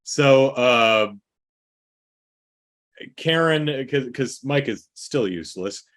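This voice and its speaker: A man's voice: mid-range voice, animated, takes it slowly, fairly bright tone. A man co-hosting a casual movie talk show, recapping the plot with wry, dry asides. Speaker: podcast co-host.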